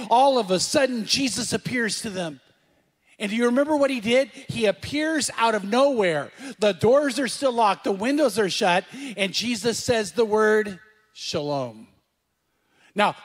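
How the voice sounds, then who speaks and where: A man's voice: high voice, fairly bright tone, in a large hall. A middle-aged man preaching a sermon to a congregation, conversational, asking the room questions and repeating key phrases. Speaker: pastor.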